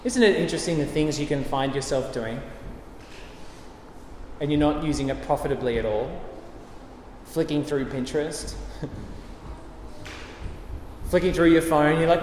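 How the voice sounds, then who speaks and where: A man's voice: a little high, expressive, a little slow, long pauses, slight background noise. A man preaching a sermon, emphatic and repetitive, with light chuckles. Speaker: pastor. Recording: echoey hall with faint ambience.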